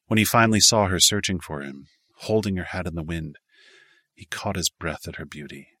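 A man narrates a story in a low voice with a bright, forward tone. He reads steadily in a scripted style and lightly shifts his voice for the dialogue. The recording is dry and close, with no room sound. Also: no echo. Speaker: audiobook narrator.

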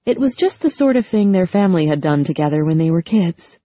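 Woman audiobook narrator, measured, fairly low voice, dry dull recording. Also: lively intonation, dark tone, dry recording. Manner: measured storytelling. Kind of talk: scripted narration. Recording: dull lo-fi sound.

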